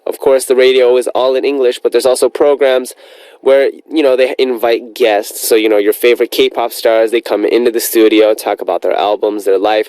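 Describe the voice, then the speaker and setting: A man's voice: medium pitch, a little mellow, no echo, low-quality recording. A man hosting a radio show, chatting in an upbeat, rambling way as he reads out listener messages.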